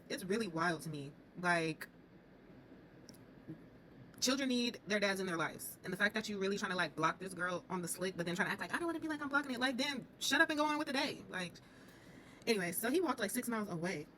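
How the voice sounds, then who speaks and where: A woman's voice: fairly low pitch, bright, forceful tone, a little hiss or hum, low-quality recording. A woman giving casual, opinionated commentary as she recaps a reality show, talking straight to her viewers.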